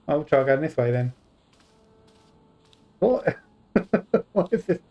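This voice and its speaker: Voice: medium pitch, lively intonation, slow, highs cut off. A game streamer giving casual commentary while playing, joking and talking back to the characters.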